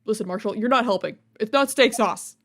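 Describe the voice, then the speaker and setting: A woman's voice: on the high side, fairly quick, fairly bright tone. A woman co-hosting a let's play, reading game dialogue aloud with wry, joking commentary.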